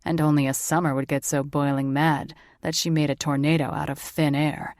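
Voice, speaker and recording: A woman's voice: low-pitched, flat delivery, moderate pace, dry recording, studio quality. A woman reading the part of a cocky, grinning young man with a teasing manner. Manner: cocky, teasing, loud laugh.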